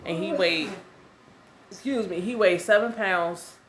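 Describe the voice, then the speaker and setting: A woman's voice: fairly low pitch, measured pace, a little hiss or hum. Chatty young woman telling a story. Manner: chatty, repeats herself, lots of "um" and "y'all". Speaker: vlogger. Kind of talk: casual storytelling to camera.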